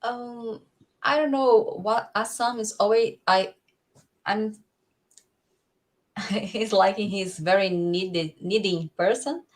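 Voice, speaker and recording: Slow, hesitant woman co-host. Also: mid-range voice. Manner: slow, hesitant, with small laughs. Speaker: podcast co-host. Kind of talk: casual review chat.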